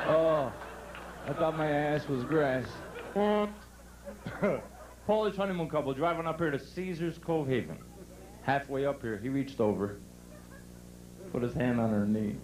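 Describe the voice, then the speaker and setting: A brash male comedian working a live crowd from a resort club stage. His voice sits fairly high, with punchy delivery. A faint hum lies under the stage microphone. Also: unhurried, long pauses, darkish tone, rough recording. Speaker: stand-up comedian.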